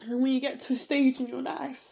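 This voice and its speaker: A woman hosting a podcast, talking slowly and reflectively in an emotional personal monologue, close to tears and repeating herself as she searches for words. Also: high-pitched, little pitch movement, gravelly, warm tone, slightly rough. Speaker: podcast host.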